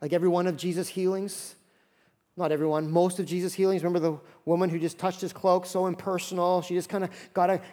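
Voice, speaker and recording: Animated high-voiced man preaching. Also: big-room sound. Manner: animated, acts out Bible characters in quick voices. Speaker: pastor. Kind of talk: sermon.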